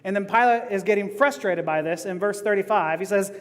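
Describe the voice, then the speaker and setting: A man preaching a sermon as pastor, animated and laughing as he goes. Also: sits high, fairly quick, big-room sound. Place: church sanctuary.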